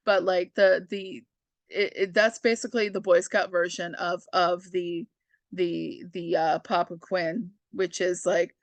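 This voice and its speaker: A woman talks through an old comic book in an easy, unhurried way, dropping in fillers and side remarks and laughing at her own jokes. Her voice sits at an ordinary pitch, and the recording is close and dry with no room sound. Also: dry recording. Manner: chatty and rambling, full of fillers and asides. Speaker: comic book reader and channel host. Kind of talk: casual comic book reading commentary.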